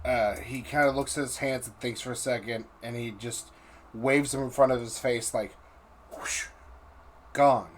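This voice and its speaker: A man narrating a tabletop game as game master, pausing and restarting often. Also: medium pitch, fairly even intonation. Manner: halting, with restarts and fillers. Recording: faint background noise.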